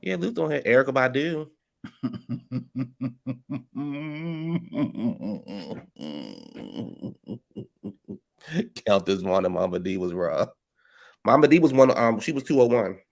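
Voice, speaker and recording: A man's voice: medium pitch, very animated, very slow, gravelly, pauses often, darkish tone. Sassy man in joking banter. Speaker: co-host. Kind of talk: casual chat.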